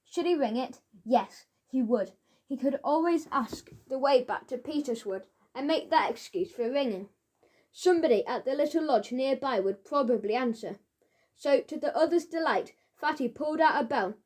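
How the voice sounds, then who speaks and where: High-voiced woman reading a children's story. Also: a little mellow. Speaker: narrator. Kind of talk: children's audiobook narration.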